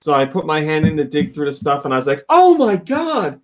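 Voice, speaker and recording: A man hosting a casual podcast, telling a story with many laughs and acting out quotes in high squeals. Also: little pitch movement, quick pace. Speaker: podcast host. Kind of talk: casual chat.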